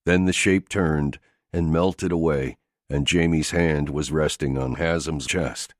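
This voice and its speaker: A man reads an action thriller audiobook in a steady, gritty delivery. His voice sits very deep, and the recording is close and dry with no room echo. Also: a little slow. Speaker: audiobook narrator. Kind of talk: scripted narration of an action thriller.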